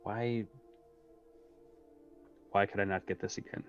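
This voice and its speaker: A man's voice: lowish voice, steady tone, a little slow, soft background music. Hesitant man player on a dull mic. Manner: hesitant, many fillers, thinking aloud. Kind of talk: tabletop role-play chat.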